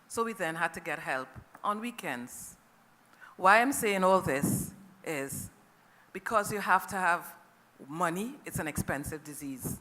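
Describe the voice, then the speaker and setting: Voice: mid-range voice, lively intonation, unhurried, sharp tone. Middle-aged trinidadian caregiver talking to a conference crowd, emotional and earnest, long hall reverb on it. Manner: earnest and emotional, often checks in with the audience. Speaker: family caregiver speaking at a conference. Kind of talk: personal testimony to an audience.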